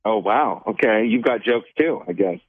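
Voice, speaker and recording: A man's voice: fairly low pitch, lively intonation, normal speed, slightly rough, no echo. A man calling in to a radio show, sounding defensive and joking around. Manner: defensive, jokey. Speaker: radio caller. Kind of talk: phone-in radio chat. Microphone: telephone. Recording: tinny phone line.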